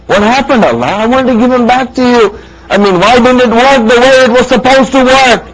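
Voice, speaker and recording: A man's voice: extremely high pitch, fairly quick, pitched above the performer's own voice, low-quality recording. A man preaching in a sermon and voicing an elderly prophet who pleads with God in grief. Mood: pleading. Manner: earnest, pleading.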